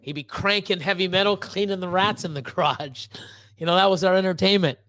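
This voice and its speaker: A man's voice: high voice, brisk, pushed and bright, dry recording. A man hosting a casual livestream, talking in a rambling way full of fillers, restarts and swearing, and reading out chat messages. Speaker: livestream host.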